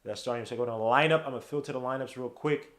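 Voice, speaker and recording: A man hosting a casual live-streamed sports podcast, talking in loud, animated bursts full of slang and dropping quiet while he searches his computer. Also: mid-range voice, rapid-fire. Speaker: podcast host.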